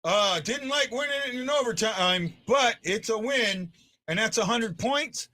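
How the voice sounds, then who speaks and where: A man hosting a casual fan post-game chat, his voice a little higher than most men's and very bright. He stumbles and restarts his words often as he talks things through, moving between disbelief and excitement. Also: unhurried. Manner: swings from stunned to excited.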